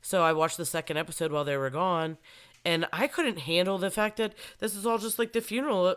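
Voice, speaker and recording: A woman in casual chat, telling a story with lively acted-out reactions. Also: fairly low pitch, a little fast, clean tone. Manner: animated storyteller, acts out her own reactions. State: congested from a cold.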